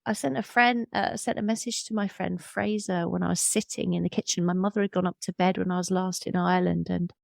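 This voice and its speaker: A woman in her fifties, a podcast host and medium, telling personal stories in a candid, thoughtful way with soft laughs. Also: fairly low pitch, flat delivery, brisk, gravelly, few pauses, no room sound, clean studio sound. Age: 50s. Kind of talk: reflective interview conversation.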